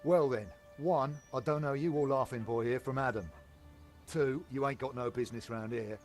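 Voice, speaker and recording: A gruff heavy who sneers at every visitor and wants them gone. An actor voices him, menacing and dismissive, for a game scene with music faintly underneath. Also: male voice, medium pitch, moderate pace, darkish tone, close to an everyday voice. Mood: hostile. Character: hostile London male minder, rude and territorial.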